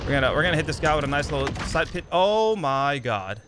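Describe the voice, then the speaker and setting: A young man giving excited, trash-talking commentary over his own gameplay, often repeating himself. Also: on the high side, quick pace, background noise. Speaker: gaming YouTuber. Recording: game gunfire loud behind voice. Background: gunfire and explosions from the game.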